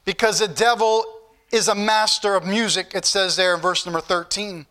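A man's voice: sits high, steady tone, moderate pace, bright, forceful tone, clean tone. A man preaching a sermon, reading scripture aloud in King James wording and speaking directly to the congregation. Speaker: pastor.

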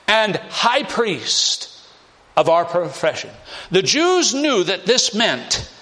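Slow, lively-voiced male preacher. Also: high-pitched. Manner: emphatic, repetitive, acts out scripture scenes. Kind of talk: expository sermon.

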